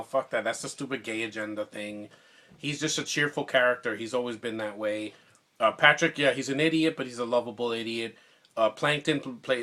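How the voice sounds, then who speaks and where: A man talking casually into a phone mic, giving a rambling, excitable movie review full of restarts. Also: mid-range voice.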